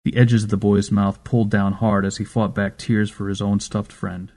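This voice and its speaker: A man narrating a story in a measured, steady storytelling manner. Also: lowish voice. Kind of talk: scripted audiobook narration.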